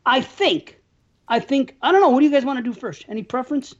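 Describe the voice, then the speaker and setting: A man's voice: extremely high pitch, animated, quick pace. A man co-hosting a casual podcast chat, rambling, swearing casually and laughing often. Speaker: podcast co-host. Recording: dull lo-fi sound.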